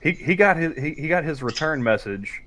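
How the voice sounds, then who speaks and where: A man's voice: a little high, lively intonation, normal speed, a bit bright. A man in a casual podcast chat, talking in an offhand, shrugging way with false starts. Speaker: podcast co-host.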